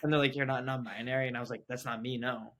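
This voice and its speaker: A young man, a podcast guest, telling a personal story in casual chat, animated and quoting himself with lots of "like". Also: mid-range voice, racing. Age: young adult. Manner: animated, quotes himself, heavy use of "like".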